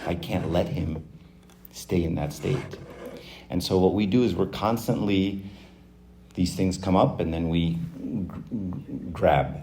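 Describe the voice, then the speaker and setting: A man in his forties with a low, mellow voice gives a casual faith talk to young people. He speaks conversationally, breaks into little acted-out voices for the people he quotes, and often restarts his sentences with fillers. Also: a little hiss or hum.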